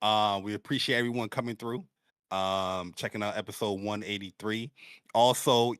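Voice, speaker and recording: Bright-voiced New podcast co-host man. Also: on the low side, normal speed, clear, resonant tone, no room sound, studio quality. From New York. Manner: animated storytelling, acts out what friends said. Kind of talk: casual gaming podcast chat.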